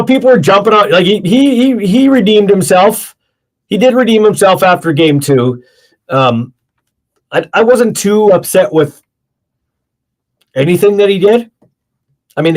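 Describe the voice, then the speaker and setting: Tired, rambling male sports talk host. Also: on the high side. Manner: opinionated, rambling with many fillers and restarts. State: tired, yawning. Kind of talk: casual solo sports talk.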